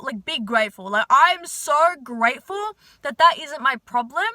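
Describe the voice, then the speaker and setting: A woman's voice: on the high side, animated, a little fast, sharp tone, no room sound. A young woman vlogger chatting casually to her viewers, full of fillers, casual swearing and hype. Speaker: manifestation vlogger.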